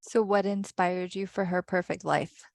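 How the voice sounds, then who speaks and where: A woman's voice: lowish voice, steady tone, normal speed, creaky, darkish tone. Woman book club host, short questions and reactions. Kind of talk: interviewer questions.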